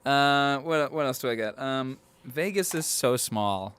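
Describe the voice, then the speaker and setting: A man's voice: medium pitch, measured pace, fairly bright tone, smooth. A man co-hosting a film podcast, reading out a plot summary and teasing his friends in a mock-offended way. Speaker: podcast co-host.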